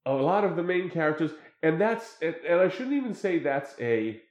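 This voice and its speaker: A man's voice: a little high, moderate pace. Rambling chatty man in a roomy room. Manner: rambling, animated, many fillers and restarts. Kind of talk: casual chat reacting to a TV show. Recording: roomy echo.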